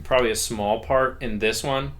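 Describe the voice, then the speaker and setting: A man's voice: mid-range voice, moderate pace. Laid-back young man cracking dry jokes. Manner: relaxed, matter-of-fact, wry jokes. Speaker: podcast co-host. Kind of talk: casual chat.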